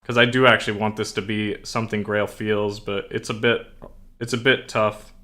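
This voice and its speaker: A young male streamer chats casually and rambles, filling his sentences with fillers. His voice sits fairly low but comes across bright and forceful, with a tense edge. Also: level tone, moderate pace. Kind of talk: casual chat.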